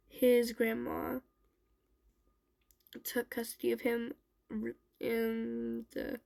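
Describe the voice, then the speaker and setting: A young woman with a slightly raised, gravelly voice tells a personal story in an unhurried, rambling way. She is a bit sick and leans on "like" and "um" between thoughts. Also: fairly high pitch, a little mellow, poor audio. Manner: rambling, full of "like" and "um" fillers. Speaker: storytime vlogger. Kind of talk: casual storytelling.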